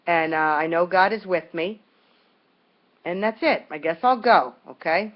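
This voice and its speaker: A woman's voice: fairly low pitch, unhurried. Rambling woman in dull lo-fi home video. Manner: rambling and colloquial, many fillers and restarts. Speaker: vlogger speaking to viewers. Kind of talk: casual self-recorded video message.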